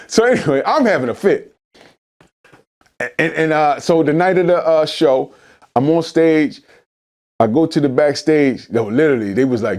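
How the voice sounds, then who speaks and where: Philly rapper guy telling a wild story, high voice, swings all over, lots of restarts. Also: moderate pace, long pauses. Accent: Philadelphia. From Philadelphia. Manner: animated, acts out quotes in shifting voices, many restarts. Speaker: rapper guest. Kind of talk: animated storytelling interview.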